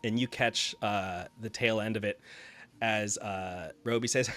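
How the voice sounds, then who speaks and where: A man narrating a tabletop game as game master, halting with frequent fillers. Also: fairly low pitch, fairly even intonation, a bit bright. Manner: halting, with many fillers and restarts.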